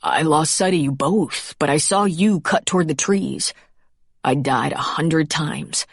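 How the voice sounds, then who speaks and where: A woman narrator plays a protective man carrying someone down a mountain, tender yet determined. Her voice is low and the recording is close and dry. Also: a little slow, gravelly, slightly rough, dry recording, full character voice. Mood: tender urgent.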